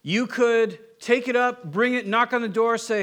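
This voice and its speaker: A man's voice: very high-pitched, a little slow, few pauses, a bit bright. A man preaching a sermon to his church in a conversational way. He keeps checking in with "right?" and acts out the people in his examples. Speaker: pastor.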